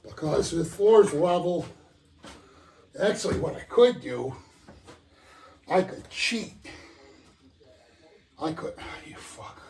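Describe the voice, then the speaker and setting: Talking slowly with frequent pauses, an older man mutters and swears under his breath, winded from working on his model train benchwork. His voice is fairly high and darkish with lively intonation. It's recorded from a distance, with a roomy echo.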